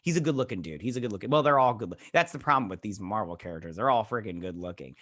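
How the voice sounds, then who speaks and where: A man's voice: on the low side, expressive, racing, a bit bright, no room sound, studio quality. A man hosting a casual episode review vlog, recapping scenes in a rambling way and acting out the characters' lines. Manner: frequent restarts and "he's all like". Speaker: show host reviewing a TV episode.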